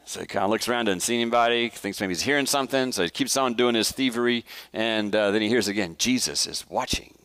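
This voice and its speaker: A man's voice: on the low side, quick pace, hardly any pauses, a bit bright, clear, resonant tone. A man teaching a church Bible study in a conversational way, asking the congregation questions, enthusiastic, with restarts and fillers. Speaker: pastor.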